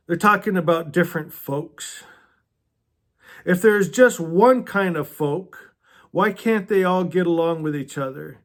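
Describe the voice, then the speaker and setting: A man's voice: high voice, measured pace. A man hosting a book club video, chatting earnestly about a novel and reading passages aloud, laughing often.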